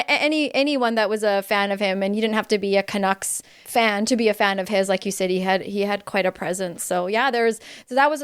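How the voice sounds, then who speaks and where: A chatty woman in her thirties hosting a podcast. Her voice is smooth and resonant. She talks in a loose, conversational way and often restarts her sentences. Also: mid-range voice. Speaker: podcast host. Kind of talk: casual conversation.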